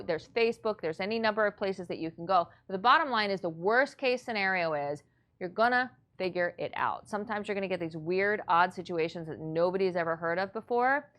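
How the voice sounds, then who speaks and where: A woman's voice: mid-range voice, fairly quick, fairly bright tone. A woman teaching real estate investors in a blunt, matter-of-fact, motivational way. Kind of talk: coaching lesson.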